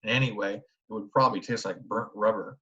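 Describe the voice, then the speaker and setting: A man voicing a patient, tired mother, slightly raised and gentle, in a dull lo-fi recording. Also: fairly low pitch, a little fast. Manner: calm, lifted and gentle.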